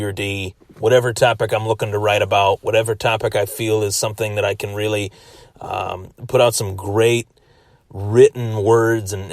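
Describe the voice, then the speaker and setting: A man's voice: lowish voice, no echo, studio quality. A man hosting a solo sports podcast, giving a chatty recap that often repeats and restarts phrases. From Western New York.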